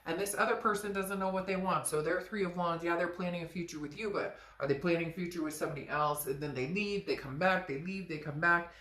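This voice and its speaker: Animated woman in an echoey room. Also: quick pace, hardly any pauses. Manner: animated, frank, swears, acts out quoted lines in a high voice. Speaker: tarot reader. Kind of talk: casual tarot reading.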